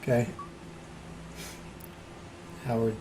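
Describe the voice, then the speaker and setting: A man acting as game master, explaining rulings in an easygoing way as he thinks aloud. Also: very slow. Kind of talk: running a tabletop game over recorded play. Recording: clear background noise.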